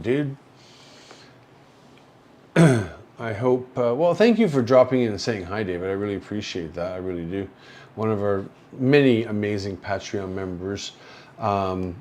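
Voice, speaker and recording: A man from Canada hosting a casual livestream from a hospital room, rambling slowly with many fillers, drowsy and slurring from painkillers. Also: on the low side, a little mellow. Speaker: livestream host. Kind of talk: casual livestream chat reading viewer comments.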